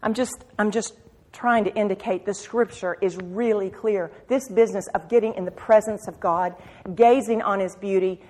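A middle-aged woman preaching to women, moving from soft confiding asides to urgent exhortation. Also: medium pitch, steady tone, normal speed, a little hiss or hum. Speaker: women's Bible teacher. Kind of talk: sermon. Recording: long hall reverb.

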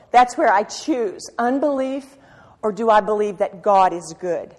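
A woman preaching a sermon with passion, firing rhetorical questions and swinging from loud to hushed. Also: medium pitch, expressive, a little slow. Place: church sanctuary. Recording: reverberant hall.

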